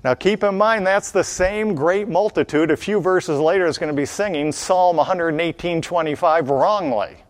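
A man preaching a Bible teaching sermon, emphatic, asking his listeners questions and slowing down, dropping low on key phrases. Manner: addresses listeners with questions and a quiz.

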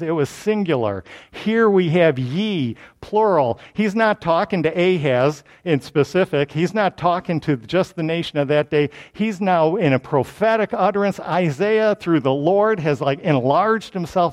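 Male Bible teacher, animated and explanatory, voice pitched slightly high. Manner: animated and explanatory, with frequent restarts. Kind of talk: scripture lesson.

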